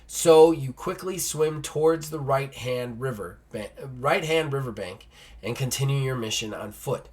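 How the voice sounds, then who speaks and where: A man hosts a solo gamebook play-through, reading passages aloud in a medium-pitched, slightly mellow voice at a somewhat slow pace. He breaks off between readings for casual joking asides.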